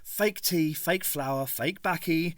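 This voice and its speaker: A man's voice: on the high side, takes it slowly, no room sound, clean studio sound, voice pushed up. A man voicing a little tea-stall keeper with a thick Cockney accent, full of trader's patter and bitter asides. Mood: chirpy.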